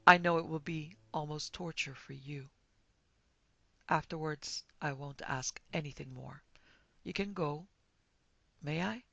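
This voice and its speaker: A woman voicing a quiet, menacing disfigured blind man. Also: low voice, unhurried, gravelly, long pauses, dry recording, lo-fi sound, full character voice. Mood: pleading. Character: bitter disfigured blind man taking revenge. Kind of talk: horror audiobook reading.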